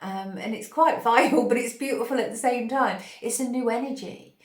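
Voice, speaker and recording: A woman hosting a spiritual channel, giving an intuitive channeled reading in a dreamy, gushing way, pausing as if to receive words. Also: on the high side. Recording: roomy echo.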